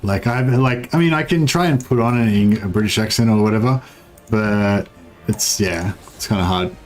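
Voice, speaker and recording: A man's voice: on the low side, moderate pace. Man, Australian accent, casual game livestream chat, rambling, swears freely, faint music in the background. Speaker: game streamer.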